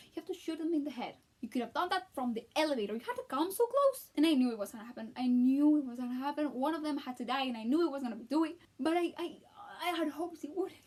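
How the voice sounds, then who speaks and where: High-voiced, gushing woman vlogger. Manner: excitable and gushing, acting out her own reactions. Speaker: vlogger reviewing a film. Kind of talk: casual chat.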